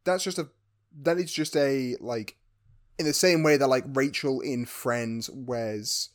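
A man in a relaxed podcast chat, patiently explaining plot points. He often stops to restart a sentence as he hunts for words. His voice has a plain, middle pitch. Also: measured pace. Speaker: podcast co-host. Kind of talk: casual film recap chat.

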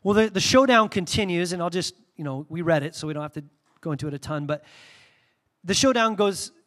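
High-voiced man preaching casually. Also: a little fast. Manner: casual storytelling, animated, playful asides. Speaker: pastor. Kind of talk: sermon.

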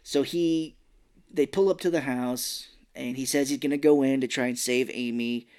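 A man's voice: medium pitch, fairly even intonation, moderate pace, a little mellow, clear, resonant tone. A man co-hosting a podcast, casually recapping a movie scene by scene and acting out the characters' lines with plenty of swearing. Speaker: podcast co-host.

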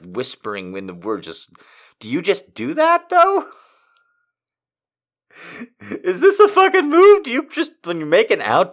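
A man with a medium-pitched, slightly bright voice reads erotic poems aloud for comedy. He keeps breaking off to laugh and make incredulous asides.

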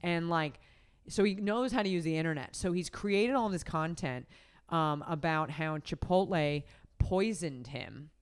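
A woman hosting a podcast, telling a story in casual chat, full of fillers and quick laughs. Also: low-pitched, clear, resonant tone. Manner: rambling, filler-heavy, laughs often. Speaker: podcast host. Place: podcast recording setup.

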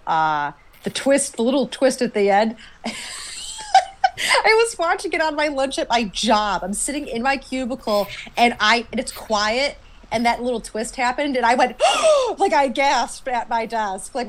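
A woman co-hosting a podcast in casual chat, excitable, laughing often and acting out quotes. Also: mid-range voice, slight background noise. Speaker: podcast co-host.

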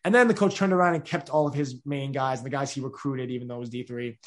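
A young man, answering interview questions in an energetic, rambling way with many restarts. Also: mid-range voice, fast talker. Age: 20s. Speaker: podcast host being interviewed.

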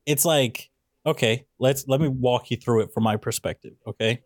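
A man co-hosting a casual movie podcast, tearing into a film with sarcastic, ranting jabs. His voice sits at an ordinary pitch and sounds dry and close, with no room around it. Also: moderate pace, no room sound. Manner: sarcastic, ranting, picks apart the plot. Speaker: podcast co-host. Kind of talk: casual movie review chat.

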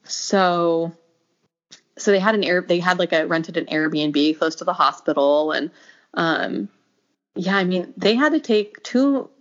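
A young adult woman telling a personal story in casual conversation, acting out quoted lines and laughing often. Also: a little slow. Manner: animated, acts out quoted lines with pitch jumps, laughs often. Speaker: podcast guest telling a birth story. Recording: dull lo-fi audio.

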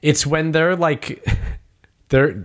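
Man, New York accent, young adult, casual chat, animated storyteller, laughs a lot, swears. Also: on the high side, very slow.

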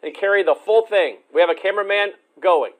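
A man's voice: high voice, a little fast. A man co-hosting a talk show, chatting in an easygoing, agreeable way. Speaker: co-host. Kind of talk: casual talk show chat.

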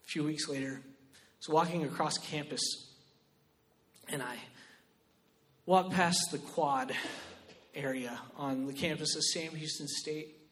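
A man preaching a sermon as pastor, shifting between loud, emphatic exhortation and quiet personal storytelling. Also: on the high side, fairly even intonation, a little slow.

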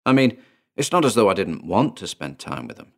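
A man narrating his own first-person horror story in a measured, deliberate way, slowing down on key phrases. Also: lowish voice, very animated, creaky. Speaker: narrator and author.

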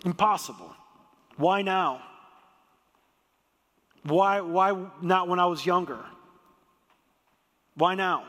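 A man preaching a sermon as the pastor, lively and joking as he tells the story. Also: high-pitched, slow pace, pauses often. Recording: long hall reverb.

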